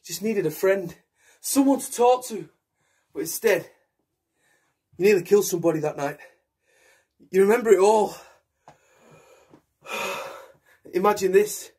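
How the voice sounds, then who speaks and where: A man's voice: high-pitched, a little slow, pauses often, darkish tone, breathy edge. A young man performing a solo theatre monologue, raw and intense, switching between voices. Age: young adult. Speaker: actor.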